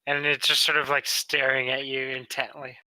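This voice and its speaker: A man's voice: mid-range voice, monotone, moderate pace, bright, forceful tone, no room sound, poor audio. A man narrating a tabletop game as dungeon master, with lots of hesitant fillers.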